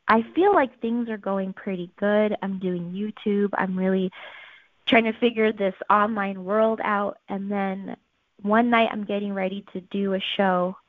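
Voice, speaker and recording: A woman telling her life story in an earnest, animated way, acting out the quotes. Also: mid-range voice, dry recording. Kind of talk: personal storytelling. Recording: tinny phone-like sound, dry.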